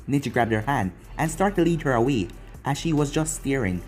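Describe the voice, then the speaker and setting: A man's voice: medium pitch, fairly quick, faint music behind. A man casually reading a fan-made story aloud and signing off with channel plugs. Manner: animated, sign-off plugging. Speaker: fan-fiction narrator.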